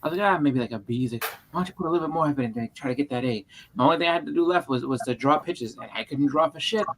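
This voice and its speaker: A man's voice: a little high, rapid-fire, noisy background. A man telling a long childhood story in casual chat, rambling with many restarts and fillers. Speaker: podcast co-host.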